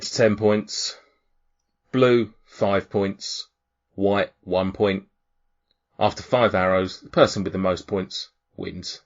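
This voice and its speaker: A man voicing a stern, impatient female tiefling who runs an archery contest, curt and officious. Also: lowish voice. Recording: dull lo-fi audio.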